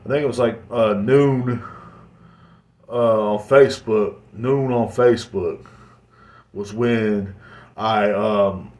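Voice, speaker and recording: A man's voice: lowish voice, takes it slowly, long pauses, a little mellow. A man hosting a casual solo podcast, rambling and joking with plenty of swearing. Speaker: podcast host. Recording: roomy echoey recording.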